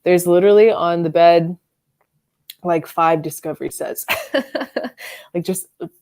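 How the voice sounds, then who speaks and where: A woman with a lowish, darkish voice hosts a live stream from her bedroom, reviewing fragrances. She chats casually about perfumes, rambling with lots of fillers and giggles.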